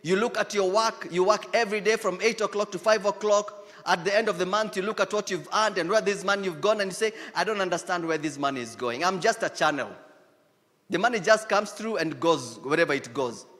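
Male Kenyan pastor, high-pitched, emphatic sermon delivery, long church-hall reverb. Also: a little fast, a bit bright. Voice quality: emphatic preaching, repeats key lines, switches into Swahili phrases.

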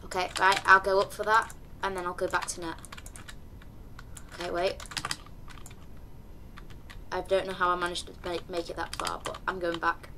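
A young woman, chatting through live gameplay commentary with sudden excited yelps and calls to her teammates. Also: fairly low pitch, normal speed, pauses often, noisy background. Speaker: streamer.

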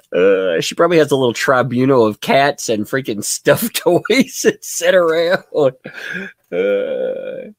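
A man's voice: mid-range voice, huge pitch swings, a little slow, dry recording. A man giving mocking commentary over trial footage, laughing often and speaking theatrically. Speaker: commentary vlogger.

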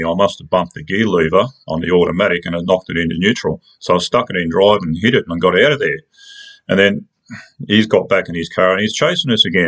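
A man's voice: low voice, a bit bright. A man with an Australian accent, telling a personal story in a casual, rambling, colloquial way. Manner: rambling, colloquial, with many restarts.

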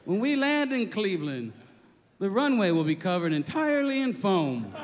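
A stand-up comedian acting out a calm male airline pilot making an intercom announcement in a soothing, official tone. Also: high-pitched, normal speed, voice pushed down. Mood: reassuring. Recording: long reverb, clear background noise.

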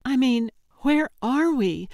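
A woman's voice: sits high, lively intonation, takes it slowly, darkish tone, no echo, studio quality, voice pushed up, heavily acted. A woman narrator voicing a frightened, exasperated young woman hiker who is trapped. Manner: exasperated, defensive.

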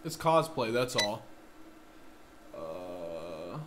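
A man hosting a horror game video, cursing, shouting at the game and talking back to its characters. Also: low voice, sing-song, very slow, heavy background noise. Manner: profane, loud and reactive, talks back to the game. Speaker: gaming video host. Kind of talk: horror game reaction commentary.

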